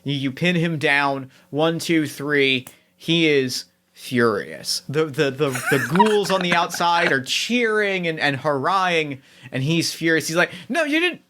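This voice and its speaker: A man narrating a tabletop game as game master, animated, often repeating himself mid-sentence. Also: a little high, measured pace, slight background noise.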